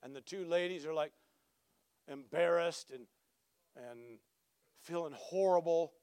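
A man preaching a sermon, telling a personal story with lively rambling and loud exclamations. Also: a little high, measured pace, smooth, no echo. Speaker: pastor.

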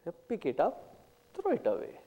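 A man giving a spiritual talk, telling stories and explaining terms one by one in an unhurried way. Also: high-pitched, wildly swooping pitch, mellow, in a large hall. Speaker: spiritual teacher. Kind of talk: spiritual discourse with anecdotes.

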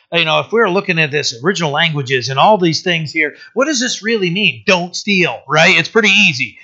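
Bright-voiced man teaching a Bible passage. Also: fairly high pitch. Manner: conversational, often asking "right?". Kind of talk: casual verse-by-verse Bible teaching. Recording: dull lo-fi sermon recording.

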